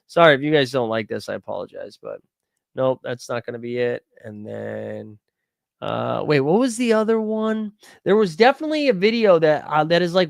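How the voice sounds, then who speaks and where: A young man with a creaky, medium-pitched voice hosts a live stream, rambling casually and cracking jokes with his chat while he searches for something. The sound is studio quality with no echo.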